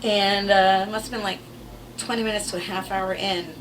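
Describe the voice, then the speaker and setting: A woman's voice: medium pitch, fairly even intonation, normal speed, far from the mic, background noise. A woman telling stories about her kids to camera in a casual, wry way, swearing freely. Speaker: vlogger telling family stories.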